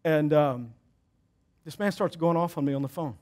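A middle-aged man, a pastor, preaching a sermon with animated, emphatic storytelling and self-deprecating humor. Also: a little high, moderate pace.

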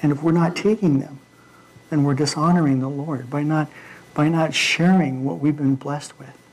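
A man preaching an informal midweek sermon in a church, talking in a halting way with frequent fillers and restarts. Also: fairly high pitch, fairly even intonation, a little mellow, poor audio.

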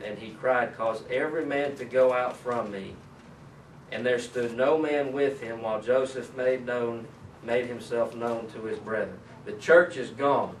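A man leading a Bible study, reading scripture aloud and then explaining it in a conversational way. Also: mid-range voice. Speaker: Bible teacher. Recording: echoey room, mic at a distance, faint ambient noise.

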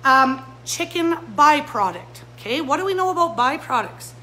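A woman's voice: high voice, big pitch swings, normal speed, pushed and bright, slight background noise, rough recording. A woman who runs a pet store, giving a fired-up live-stream talk straight to her viewers. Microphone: phone or camera mic.

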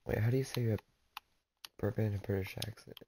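A man's voice: lowish voice, fairly even intonation, fast talker, background noise. A man streaming a video game, joking and talking to himself as he plays. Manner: jokey, talks to himself while playing. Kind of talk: casual gameplay commentary.

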